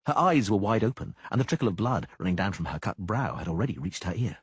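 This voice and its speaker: A man reading an audiobook in a dramatic, expressive manner. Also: on the low side, fast, breathy edge, dry recording. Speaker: audiobook narrator.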